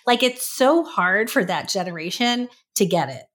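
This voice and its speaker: Animated woman telling a story. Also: mid-range voice, moderate pace. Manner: lively storyteller who acts out quoted voices. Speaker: podcast guest. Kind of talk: casual interview storytelling.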